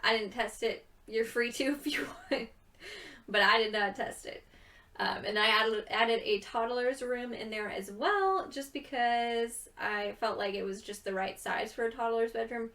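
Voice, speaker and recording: A woman's voice: a little high, unhurried, sharp tone, distant mic. A young woman chatting casually and rambling with giggles, tired from too little sleep. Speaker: gaming video creator. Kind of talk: casual chat over gameplay.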